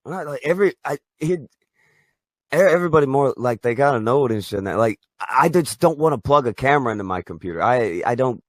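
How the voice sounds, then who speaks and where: Streamer guy, mid pitch, dry close sound, stammers and restarts, unsure of himself. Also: lively intonation, dry recording. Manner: halting, stammering, self-doubting. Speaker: streamer guest. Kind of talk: casual call-in chat.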